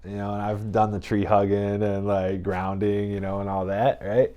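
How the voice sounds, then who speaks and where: Low voiced guy on a podcast, rambly, lots of you know and right, acts out the other guys lines. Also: monotone, moderate pace, mellow. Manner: acts out other people's lines when retelling. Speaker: podcast guest. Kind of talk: casual storytelling chat.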